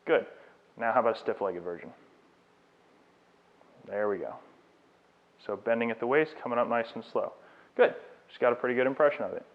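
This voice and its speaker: A fitness trainer speaks a little fast in a mid-range voice, broken by long pauses, while coaching a client through exercises in a live demonstration lecture. He's encouraging and explanatory in a fitness studio, with tinny, phone-like recording quality.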